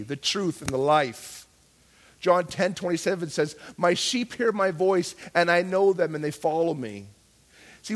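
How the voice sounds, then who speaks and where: Man, pastor, sermon, conversational preaching, slightly high voice, loud-to-hushed swings.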